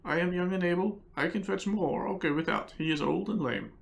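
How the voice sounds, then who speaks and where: A man voicing a humble, kind young male novice monk who speaks gently and earnestly. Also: high-pitched, brisk, vocal fry, voice pushed up.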